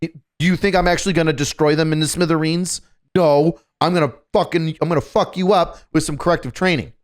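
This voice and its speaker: Man, podcast storyteller, profane, animated, a bit high-pitched. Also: quick pace. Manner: profane, animated, acts out shouted quotes. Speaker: podcast co-host telling a story.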